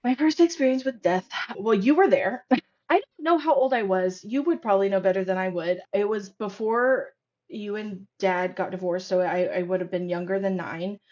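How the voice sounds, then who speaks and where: A woman's voice: medium pitch, normal speed. A woman guest on a podcast tells her stories with animation, scattering fillers as she speaks. Her voice sits in a middle range, and the recording sounds slightly dull and lo-fi. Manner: animated storytelling, frequent fillers. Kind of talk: casual conversational interview.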